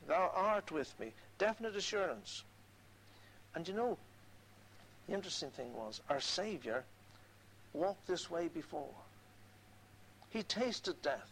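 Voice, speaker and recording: A man's voice: high voice, animated, measured pace, slight background noise, poor audio. A man preaching a sermon, earnestly quoting scripture and repeating key phrases for emphasis.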